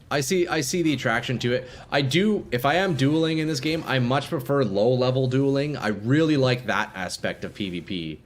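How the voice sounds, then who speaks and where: A man's voice: medium pitch, slight background noise. A young man streaming a game live, chatting casually with viewers and swearing freely. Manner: laid-back, swears freely, chats with viewers.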